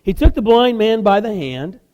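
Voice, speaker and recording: Animated high-voiced preacher. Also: male voice, normal speed, long reverb tail, dull audio. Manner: animated storytelling with casual asides. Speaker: guest preacher. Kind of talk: sermon.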